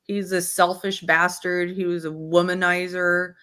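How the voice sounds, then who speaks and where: Woman book club host, heartfelt reading aloud, slightly low voice. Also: little pitch movement, unhurried, a bit bright. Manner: heartfelt, breaks off to apologize. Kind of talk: reading a memoir aloud and chatting.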